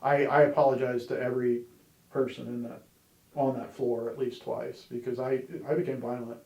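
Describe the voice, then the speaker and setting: A man's voice: mid-range voice, little pitch movement, normal speed, darkish tone, lo-fi sound. A man sharing his personal testimony in a candid, conversational way, with wry humor and plenty of "you know"s. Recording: roomy echo.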